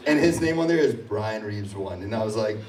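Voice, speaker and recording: A man's voice: fairly low pitch, expressive, a little fast, a little mellow. A man hosting a convention panel, telling a funny story with self-mocking laughs. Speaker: host and panelist. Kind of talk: casual panel chat. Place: convention hall. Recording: echoey hall, distant mic, audible noise.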